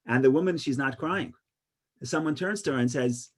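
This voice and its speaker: A man teaching an informal Torah class, an animated storyteller with many restarts who gets loud for punchlines. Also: a little high, moderate pace. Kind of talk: informal Torah lesson with stories and jokes.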